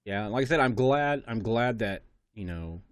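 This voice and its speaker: A man's voice: fairly low pitch, expressive, normal speed, dry recording, studio quality. A man hosting an interview show, rambling with lots of fillers and laughing easily. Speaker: podcast host. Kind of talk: casual interview chat. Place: studio.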